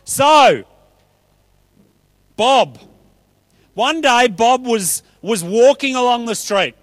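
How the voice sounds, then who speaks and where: A man with a high voice leads a church children's talk, chatty and upbeat as he pulls volunteers into a story. The sound is dry and close. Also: expressive, extremely slow, no echo. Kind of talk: children's talk with audience play.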